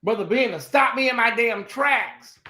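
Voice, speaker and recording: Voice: mid-range voice, normal speed, pushed and bright, roomy sound. Sassy, dramatic livestream host. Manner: dramatic, sassy, addresses the chat directly. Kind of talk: livestream chat commentary.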